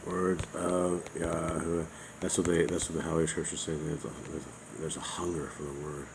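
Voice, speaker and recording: A man checking a scripture text along with a partner, confirming punctuation and cracking quick jokes. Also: extremely low pitch, level tone, gravelly, background noise. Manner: joking, quick remarks between confirmations. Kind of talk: casual back-and-forth checking.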